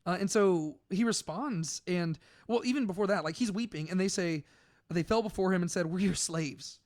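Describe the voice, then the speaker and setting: High-voiced man chatting through scripture. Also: normal speed. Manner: conversational, uses many "like"s, animated when paraphrasing. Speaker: podcast co-host. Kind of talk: casual Bible study discussion.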